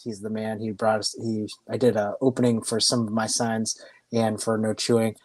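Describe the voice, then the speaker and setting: A man hosting a casual live-stream chat, giving loose, friendly shout-outs with frequent ums. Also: on the low side, little pitch movement, moderate pace. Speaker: host.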